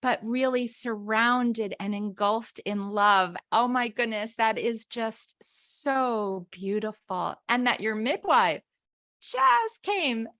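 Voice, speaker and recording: A tearful woman podcast host speaks very slowly in a fairly high voice, gushing with feeling. The sound is close and dry. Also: animated, fairly bright tone, dry recording. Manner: gushing, effusive, emotional. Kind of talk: interview podcast.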